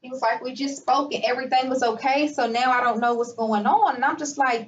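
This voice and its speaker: A woman telling a story in a casual vlog from her clinic, indignant and animated, acting out the people she quotes. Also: high voice, brisk, a little hiss or hum. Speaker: business owner and healer. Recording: muffled lo-fi sound.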